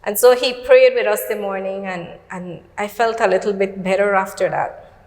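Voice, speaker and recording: A woman's voice: mid-range voice, normal speed, darkish tone, reverberant, big-room sound. A middle-aged woman with a Belizean accent telling a personal faith testimony on a talk show, recounting events through quoted dialogue. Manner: earnest, storytelling with quoted dialogue. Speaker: guest.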